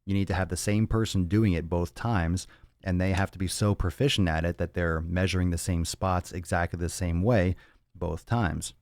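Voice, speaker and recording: On a relaxed livestream Q&A for his fitness podcast, a man fields viewer questions with blunt, profane answers full of rambling repetition. His low voice is a little mellow, with fairly even intonation and a moderate pace, recorded cleanly in a studio with no room sound.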